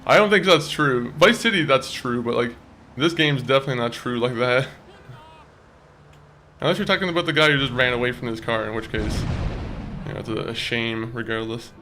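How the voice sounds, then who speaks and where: Over a noisy background, a young man with a mid-range voice talks fairly quickly while livestreaming a video game. His casual commentary is chatty and aimed at viewers, with plenty of swearing and easy laughter as he plays.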